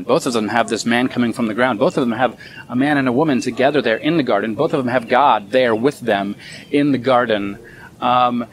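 A man giving a relaxed, conversational sermon outdoors in a small garden, thinking aloud as he teaches. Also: medium pitch, a little hiss or hum. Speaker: pastor.

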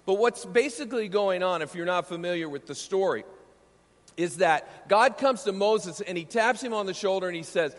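High-voiced preacher in a reverberant hall. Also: male voice, lively intonation. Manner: earnest teaching with deliberate slowing for emphasis. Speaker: pastor. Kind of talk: sermon.

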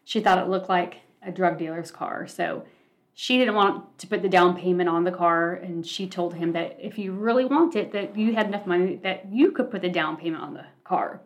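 A woman hosting a podcast who retells events in a relaxed, conversational way, with plenty of ums and uhs. Her voice sits on the lower side for a woman. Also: normal speed. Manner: relaxed, filler-heavy retelling. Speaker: podcast host. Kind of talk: casual podcast recap.

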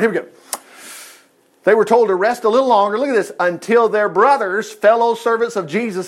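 High-voiced folksy preacher man. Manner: folksy, joking, conversational. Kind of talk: sermon with Bible reading.

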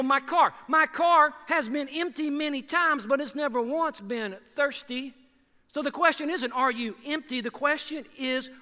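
Man, high voice, preaching, rhetorical questions, reverberant church hall. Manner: lively, conversational preaching with repeated rhetorical questions. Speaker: pastor. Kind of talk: sermon.

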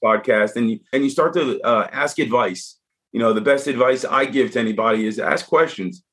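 Frank, animated male storyteller. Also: medium pitch, a little fast. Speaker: podcast guest. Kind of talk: casual storytelling in conversation.

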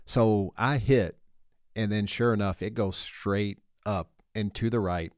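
A man with a somewhat low voice co-hosts a casual podcast, telling a story with bursts of laughter and quick impressions of the people in it. The sound is dry and close, with no room around it. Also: no room sound. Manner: animated storyteller, acts out voices, laughs often. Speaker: podcast co-host.

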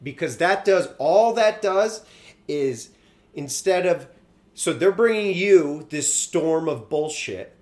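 Man, podcast co-host, earnest, halting, lively pitch, slightly high. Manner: earnest, halting, restarts often. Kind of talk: casual debate.

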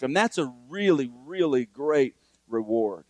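A man's voice: a little high, normal speed, no echo. A pastor preaching a sermon earnestly, repeating his key points for emphasis.

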